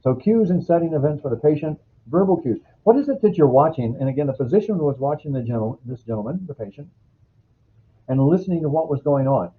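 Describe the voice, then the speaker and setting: A man from the United States giving a recorded healthcare training lecture, explaining calmly and drawing on stories from past clinical work. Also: fairly high pitch, a little fast, husky. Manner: explanatory, uses clinical anecdotes. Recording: phone-like lo-fi recording.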